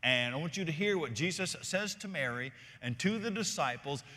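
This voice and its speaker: Emphatic preaching pastor in a hall. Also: male voice, fairly high pitch, animated, normal speed, sharp tone. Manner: emphatic preaching, reads scripture aloud. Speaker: senior pastor. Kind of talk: sermon.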